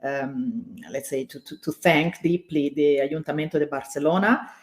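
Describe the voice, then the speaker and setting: Halting woman giving a welcome speech. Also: low-pitched. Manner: halting, many fillers and restarts. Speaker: president of the organization, opening host. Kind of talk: hesitant welcome speech with thanks.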